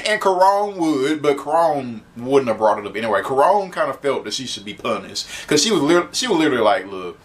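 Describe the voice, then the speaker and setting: A man's voice: medium pitch, very animated, fairly quick. A man giving a casual spoken comic book review, chatty, laughing often and swearing freely.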